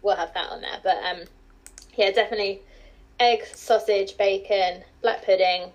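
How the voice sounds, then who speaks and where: A chatty woman with an English accent, speaking at an ordinary middle pitch. She talks casually as a podcast guest, laughs easily and drifts into fillers as she thinks. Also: fairly even intonation, normal speed, lo-fi sound. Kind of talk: casual chat.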